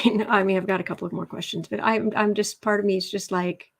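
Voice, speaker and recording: A woman's voice: mid-range voice, fairly even intonation, fast talker, hardly any pauses. A woman hosting a casual live tarot stream, chatting with viewers and reading their comments aloud, hot and sweaty in a room at home. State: overheated and sweaty. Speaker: tarot reader and livestream host.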